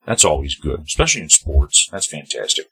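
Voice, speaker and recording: A man's voice: a bass voice, very animated, brisk, pushed and bright, husky, no room sound. A man hosting his own opinion vlog. He reads social media posts aloud and answers them in a heated, preachy way, speaking straight to the people he names. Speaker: channel host.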